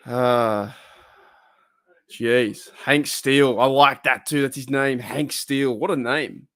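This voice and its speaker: A man's voice: medium pitch, fairly even intonation, slow pace, fairly bright tone. A man with an Australian accent, chatting casually and rambling with frequent laughter as he hosts a football watch-party stream. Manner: giggly, rambling, breaks into laughter. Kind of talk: casual live-stream chat.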